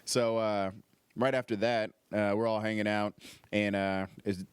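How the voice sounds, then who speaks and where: A man with a low, smooth voice recorded close and dry. He tells a rambling, profane story in casual chat, full of fillers. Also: little pitch movement, unhurried, no room sound. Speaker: stand-up comedian guest.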